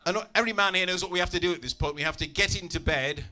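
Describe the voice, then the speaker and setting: A man performing a stand-up comedy routine in a club, animated and acting out voices. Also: very fast. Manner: animated, acts out voices with big pitch jumps. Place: comedy club stage with audience.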